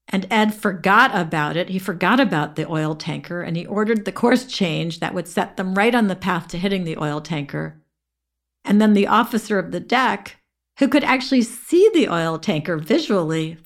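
A woman hosts a podcast, reading a true story aloud. Her voice sits a little low, and she tells it in a clear, steady way. She lightly voices the quoted lines of dialogue. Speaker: podcast host.

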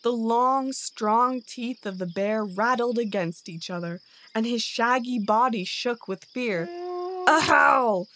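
A woman reading a storybook tale aloud in a measured, gentle way. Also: on the high side, slight background noise. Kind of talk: scripted storybook narration.

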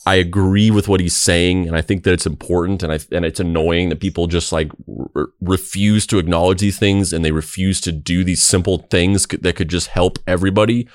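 A man's voice: low voice, steady tone, a little fast, few pauses, dry recording, clean studio sound. A man hosting a podcast in casual chat, rambling, with many restarts and "like"s as he thinks aloud. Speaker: podcast host.

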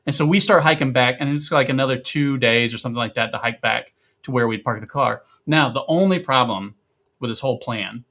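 Guy on a podcast telling a story, bright forceful voice, gets loud doing other people's lines. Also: medium pitch, brisk. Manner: animated, acts out quoted voices loudly. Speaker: podcast guest. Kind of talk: casual storytelling.

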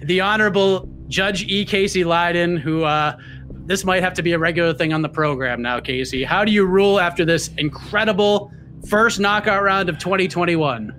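A man's voice: high voice, normal speed, a bit bright, slight background noise. A man hosting a podcast game show, speaking in an upbeat, announcer-like way with occasional hesitations. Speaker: podcast host.

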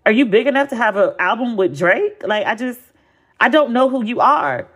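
Blunt, animated woman in her forties. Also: fairly high pitch, normal speed, slightly rough. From United States. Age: 40s. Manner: animated, blunt and profane, with emphatic repetition. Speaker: podcast host. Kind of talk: casual chat.

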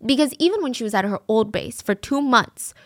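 A woman recounts a true crime case in a relaxed, conversational storytelling voice. She sits a little above the usual pitch and sounds earnest and emotionally invested. The sound is close and dry, with no room around it. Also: fairly quick, no echo.

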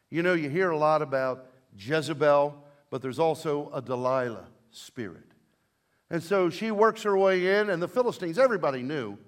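A man preaching a sermon as pastor, swinging between loud emphasis and quiet asides, and leading his congregation in call and response. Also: a little high.

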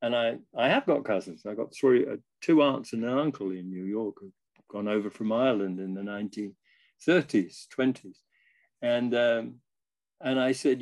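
An older man, a guest musician, telling a lively anecdote in a casual interview, now and then slipping into the voices of the people in his story. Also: mid-range voice, moderate pace.

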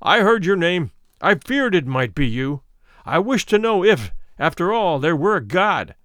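A man reading a classic story aloud, voicing a shabby, bitter old drunkard who speaks harshly and loudly. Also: high voice, very animated, a little slow, no room sound, studio quality, heavily acted. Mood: bitter defiant. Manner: harsh, loud and defiant. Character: bitter shabby old male drunkard confronting a former friend.

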